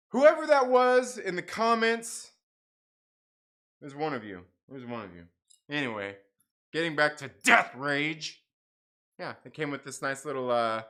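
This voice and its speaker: Animated, bright-voiced man telling a story. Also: fairly high pitch. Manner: animated, repetitive, acts out voices in his story; casual, with mild swearing. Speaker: channel host. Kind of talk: rambling livestream storytelling.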